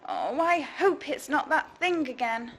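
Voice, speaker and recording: A woman's voice: sits high, lively intonation, unhurried, fairly bright tone, a little hiss or hum, pitched above the performer's own voice. A woman voicing a tired, cross little girl in a storybook read-aloud, speaking emphatically.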